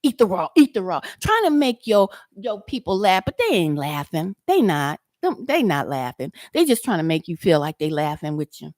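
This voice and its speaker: A woman's voice: on the low side, big pitch swings, normal speed, few pauses, a little mellow, dry recording, clean studio sound. A woman doing a reaction video, answering a man confrontationally, drawling and repeating words for emphasis. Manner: confrontational and mocking, talks straight at the person she answers. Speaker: YouTube commentator.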